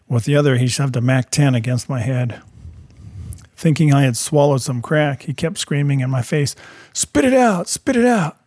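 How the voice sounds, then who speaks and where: Guy telling his life story straight, steady, dry close mic, average pitch. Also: no room sound. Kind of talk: first-person testimony narration.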